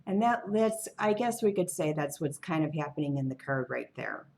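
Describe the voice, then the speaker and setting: A woman's voice: low voice, animated, moderate pace, creaky, a little mellow. A woman reading tarot cards alone on her channel, musing in a wandering, offhand way. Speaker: tarot reader. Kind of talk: casual tarot reading monologue.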